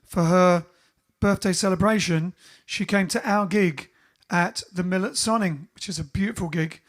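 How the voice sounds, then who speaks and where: A man's voice: sits high, normal speed. A man hosting a casual livestream from home, reading out viewers' greetings one by one in a chatty way. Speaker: bandleader and livestream host. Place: home during lockdown.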